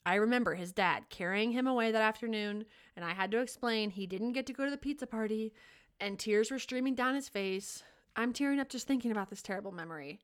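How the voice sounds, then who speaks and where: A woman's voice: fairly high pitch, fast talker, clean tone. A woman co-hosting a teaching podcast, telling classroom stories in an earnest, heartfelt way. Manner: earnest, storytelling, emotional. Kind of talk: casual podcast chat.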